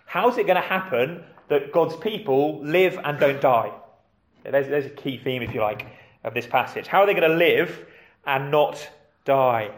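A man's voice: on the high side, lively intonation, moderate pace, reverberant. A man preaching a sermon in a conversational way, with rhetorical questions and questions put to the children.

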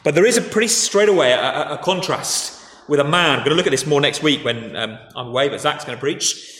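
A man preaching a sermon in a conversational, animated way, retelling a story with frequent restarts. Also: a little high, a little fast. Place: church. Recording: echoey church hall with faint noise.

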